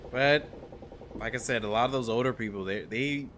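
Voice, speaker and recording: A man streaming a horror game, chatting casually with his viewers and reacting with quick laughs. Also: medium pitch, a bit bright, slight background noise. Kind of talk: casual gameplay commentary.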